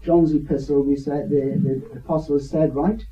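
A man speaking slowly and earnestly as he leads a Bible study discussion. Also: fairly high pitch, fairly even intonation, warm tone. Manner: slow, deliberate, earnest. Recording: distant, dull lo-fi recording.

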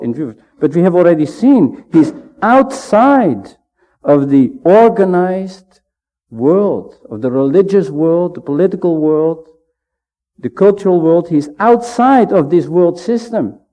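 A man giving a measured, emphatic Bible teaching sermon, pausing often to stress his points. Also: a little high, lively intonation, warm tone. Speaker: preacher. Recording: dull lo-fi sound.

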